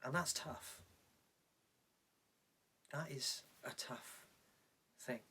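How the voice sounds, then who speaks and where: Slow, reflective male preacher. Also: medium pitch, sharp tone, husky, distant mic. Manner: reflective, measured storytelling with pauses. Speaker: pastor. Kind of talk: sermon. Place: indoors, recorded for online church.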